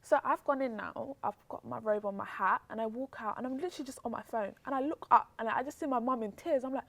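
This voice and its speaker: Young woman, interview guest, animated storyteller, high-pitched. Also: quick pace, creaky. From Britain. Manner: animated, acts out quotes with pitch jumps. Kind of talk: casual storytelling.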